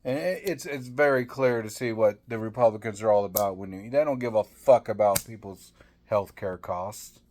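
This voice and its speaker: A man with a fairly low, darkish voice at a moderate pace delivers an angry political rant to camera. He swears constantly, gets heated, and keeps stammering through repeated restarts as a political commentator.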